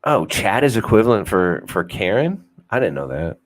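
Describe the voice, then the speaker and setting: Casual podcast host, young man with a low voice, loose and rambling, profane, self-mocking humor. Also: big pitch swings, normal speed. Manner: swears freely, rambling, self-deprecating. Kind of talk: casual unfiltered chat.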